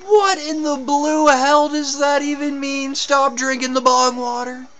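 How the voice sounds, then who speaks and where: Grumpy baffled boss guy, loud n incredulous, man putting it on. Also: extremely high pitch, steady tone, unhurried, soft background music, pitched above the performer's own voice. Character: baffled, gruff male boss.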